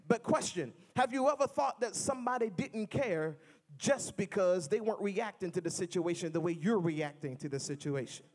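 A man with a strikingly high voice preaches a sermon. He builds rhythmic, repeated refrains and mixes in playful humor. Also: lively intonation, moderate pace.

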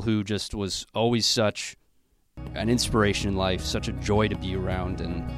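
A man telling fond stories about a late colleague, with fillers and heartfelt remembrance. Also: lowish voice. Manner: warm anecdotal storytelling with fillers. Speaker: colleague sharing memories.

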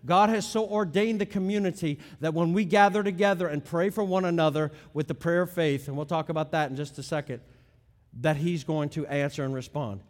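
A middle-aged man with a high voice preaches through a teaching sermon. He leans hard on key words, then drops to softer asides, and his voice rings with the long reverb of a big hall. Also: fairly quick. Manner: emphatic, swings between loud stresses and quiet asides. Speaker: pastor.

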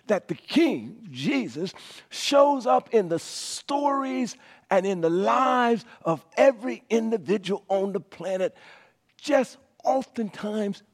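A male pastor preaching a sermon, repeating phrases for emphasis and moving from loud declarations to hushed whispers. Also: high-pitched.

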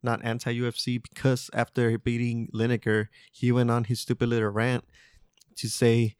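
A man's voice: medium pitch, completely flat delivery, moderate pace, smooth, no echo, clean studio sound. A man co-hosting a casual podcast, making brief, laid-back remarks. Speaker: podcast co-host. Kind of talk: casual chat.

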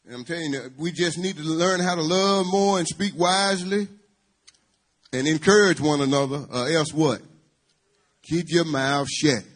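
Husky preacher man calling to his church. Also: fairly high pitch, moderate pace. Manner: call-and-response, calling out to the congregation. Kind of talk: church sermon.

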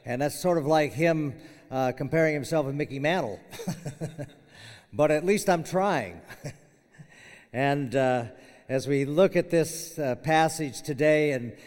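Older man, slightly high voice, casual halting farewell sermon, big echoey chapel. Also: a little mellow. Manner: conversational, halting with fillers and restarts, chuckles. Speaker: retiring professor giving chapel message. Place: university chapel hall. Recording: long hall reverb.

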